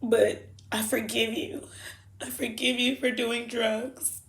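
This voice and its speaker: A woman speaking heartfelt farewell letters, halting and emotional, with soft pauses. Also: on the high side, little pitch movement, vocal fry. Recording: roomy echo.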